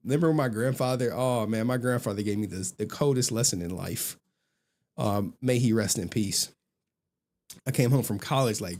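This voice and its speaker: A man's voice: on the low side, normal speed. A young adult man hosting a livestream in casual chat. He laughs often, swears freely, and tells stories with animation. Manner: laughing, profane, animated storytelling. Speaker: livestream host.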